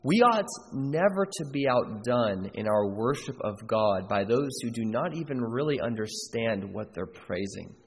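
A man's voice: mid-range voice, expressive, a little slow, few pauses, slightly rough, big-room sound, poor audio. A man preaching a sermon as a pastor, earnest and emphatic, repeating key phrases for weight. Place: church sanctuary.

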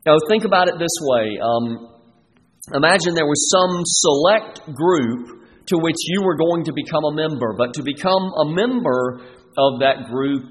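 A man preaching an expository sermon, emphatic and measured, often restarting his phrases. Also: a little high. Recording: long reverb with faint noise.

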